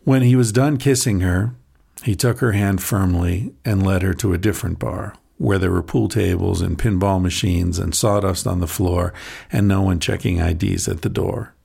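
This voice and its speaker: Low gravelly man narrating a story. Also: steady tone, moderate pace, warm tone. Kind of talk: audiobook narration of a short story.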